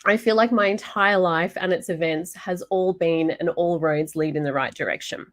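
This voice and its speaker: A woman's voice: lowish voice, moderate pace, no room sound. A woman from Brisbane with an Australian accent, giving an earnest, reflective prepared talk as a guest speaker over a video call.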